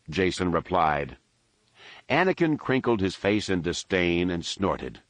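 Deep-voiced guy narrating a novel, steady pace, dry studio mic. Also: measured pace, no room sound. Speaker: audiobook narrator. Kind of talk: scripted narration.

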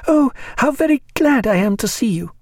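A man voicing a gentle, anxious gentlewoman and mother, speaking softly and hesitantly in a storybook reading. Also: on the low side, animated, normal speed, a little hiss or hum, pitched above the performer's own voice, natural voice. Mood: warm, hesitant. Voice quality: soft, hesitant.

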